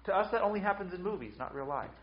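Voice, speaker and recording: A man's voice: high voice, lively intonation, racing, roomy sound, lo-fi sound. A man preaching a sermon with emphatic delivery, often repeating words as he restarts. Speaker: pastor.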